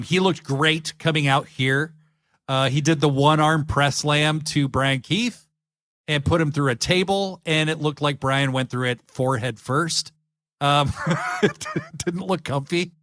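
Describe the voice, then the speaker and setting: A man's voice: a little high, lively intonation, a little slow, a bit bright, dry recording, clean studio sound. A man hosting a podcast, chatting eagerly and rambling with lots of fillers. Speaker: podcast host. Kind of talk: casual chat.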